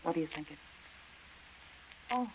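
An actress playing a frightened young woman camping by a desert well, speaking in hushed, uneasy tones in an old radio drama. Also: deep voice, expressive, moderate pace, dull audio, a little hiss or hum. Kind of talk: 1940s radio acting.

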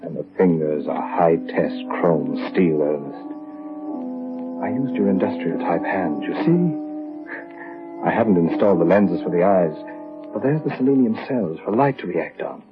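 A man's voice: sits low, lively intonation, unhurried, loud music behind the voice. An actor playing a curt, secretive young inventor obsessed with his work, in 1940s radio acting. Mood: eager. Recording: muffled old radio broadcast.

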